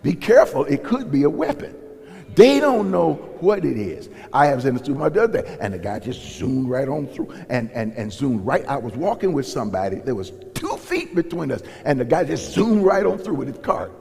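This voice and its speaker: A man's voice: medium pitch, big pitch swings, fairly quick, gravelly, hardly any pauses, a little mellow. A man, a pastor, preaching in a folksy storytelling way and acting out dialogue in raised voices. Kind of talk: sermon storytelling. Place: church sanctuary. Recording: long reverb in a large hall.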